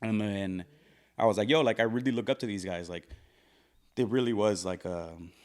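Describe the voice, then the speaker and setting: A man's voice: lowish voice, normal speed. A man hosting a podcast in casual chat, laughing often, swearing freely and gushing over his guests. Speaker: podcast host.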